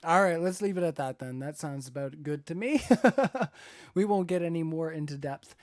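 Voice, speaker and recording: A man's voice: a little high, expressive, moderate pace, no room sound, clean studio sound. A man moderating a live-streamed debate, reading donor comments aloud with chuckles and hesitant fillers.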